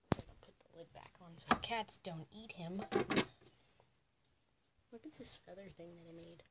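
A young teenage girl rambling in a casual home vlog, drifting into soft whispered asides and cooing high at her pet. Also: slight background noise. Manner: high coo when talking to her pet. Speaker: vlogger. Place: home room.

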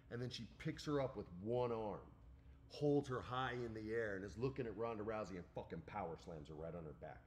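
Animated man telling a story. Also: on the low side, slight background noise. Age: 40s. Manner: animated storytelling, acts out quoted lines, swears freely. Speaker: podcast co-host. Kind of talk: casual chat.

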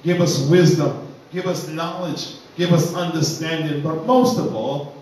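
Minister leading prayer, man, slightly high voice, fervent litany style, distant mic in an echoey church. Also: fairly even intonation, a little slow, a little mellow, a little hiss or hum. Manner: fervent, rhythmic, repeating phrases in litany. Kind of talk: opening prayer at a Bible study. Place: church, indoors.

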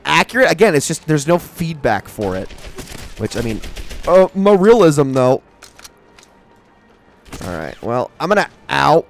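A young man giving casual, excitable commentary while playing a shooter game, talking to himself and the enemies. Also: medium pitch. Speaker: gaming channel host.

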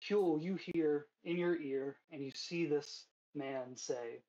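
A man running a tabletop game, his voice a touch high and a bit out of breath. He narrates casually with plenty of uhs. The sound is dull and lo-fi, like a cheap stream mic. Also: takes it slowly, hardly any pauses, mellow. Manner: casual, filler-heavy narration. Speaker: game master.

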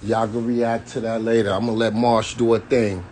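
A YouTube commentator gives a loose, slang-heavy live-stream commentary, addressing his viewers directly. His fairly low, darkish voice is flat and moderately paced, with slight background noise.

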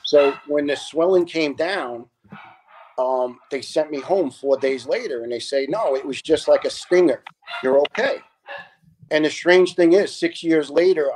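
A man's voice: fairly high pitch, poor audio. Earnest middle-aged man telling stories. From New York. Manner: earnest storyteller, quotes people in their own voices. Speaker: retired fire lieutenant, podcast guest. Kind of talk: storytelling in a casual interview.

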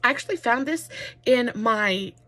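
A woman's voice: on the high side, animated, moderate pace, a bit bright. A woman chatting through a makeup tutorial, rambling and gushing with lots of fillers. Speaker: makeup vlogger.

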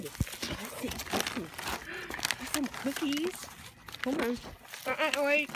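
Dog owner at home, unhurried, coaxing pet talk over noisy rustling wrapping paper. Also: female voice, sing-song. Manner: high sing-song coaxing pet talk. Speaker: dog owner filming her pets. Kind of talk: casual talk to her dogs while unboxing. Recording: loud paper crinkling behind voice.

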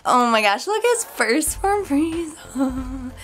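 High-pitched and very animated, this young YouTuber speaks slowly in a fairly bright tone. She's unboxing on her vlog, gushing excitedly with squeals, chatty asides, and a cracking voice.

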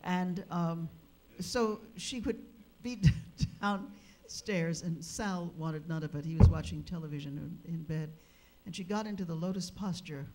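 A woman speaker at a religious gathering, telling an anecdote in a lively, animated way with humorous asides. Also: lowish voice, a little slow, few pauses. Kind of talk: anecdotal storytelling. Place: live gathering hall.

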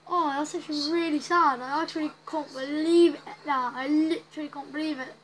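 High-voiced woman rambling over gameplay. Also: fairly even intonation, fairly quick, fairly bright tone, slight background noise, poor audio. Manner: chatty, rambling, reacting aloud to the game. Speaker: gaming channel host. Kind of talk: casual let's-play commentary.

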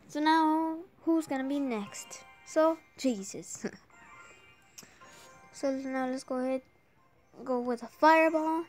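A woman giving excited live gameplay commentary while she has a sore throat from an oncoming cold. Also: high voice, takes it slowly, pauses often, faint music behind. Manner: excitable, urging the game on aloud. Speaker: gamer.

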